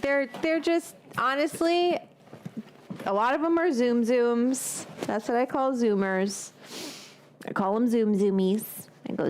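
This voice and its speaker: A woman's voice: on the high side, unhurried, darkish tone, a little hiss or hum. A woman hosting a cooking live stream from a home kitchen, talking in a loose, rambling, chatty way with casual swearing and drifting off onto tangents.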